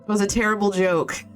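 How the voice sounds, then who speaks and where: A woman game streamer in a rambling casual chat with her viewers, swearing freely and telling stories between greetings. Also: medium pitch.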